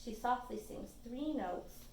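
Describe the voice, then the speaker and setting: Animated woman reading a picture book aloud. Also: on the high side, takes it slowly, roomy sound, a little hiss or hum, poor audio. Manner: expressive reading to children, chatty asides. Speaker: children's librarian. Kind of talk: storytime read-aloud.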